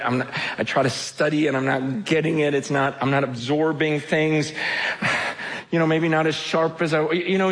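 A man's voice: medium pitch, a bit bright. A man preaching an impassioned sermon at a conference, emotional and urgent, often repeating and restarting his phrases. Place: conference hall.

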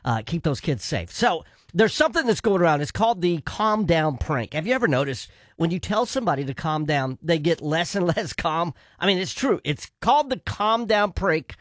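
A man hosting a radio show, talking in a chatty, upbeat way with quick asides. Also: on the high side, lively intonation, no echo, clean studio sound. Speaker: radio host. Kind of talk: morning radio chat.

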